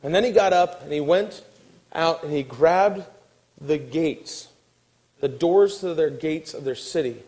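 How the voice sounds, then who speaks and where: A man preaching a sermon, telling a story with acted-out quotes and dropping to a hushed, weary tone. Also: fairly high pitch, unhurried, poor audio. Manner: animated storytelling, acting out quotes, dropping to a soft hush. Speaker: pastor.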